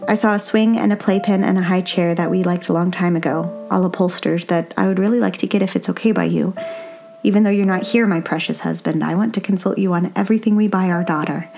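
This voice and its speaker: A woman reading old letters aloud in a tender, earnest way. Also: on the low side. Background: faint instrumental music.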